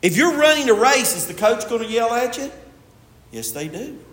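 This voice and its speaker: A man preaching a sermon as pastor, emphatic, swinging from loud stresses to quiet asides, in a church. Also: extremely high pitch, sing-song, moderate pace. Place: church sanctuary. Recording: echoey hall with long reverb.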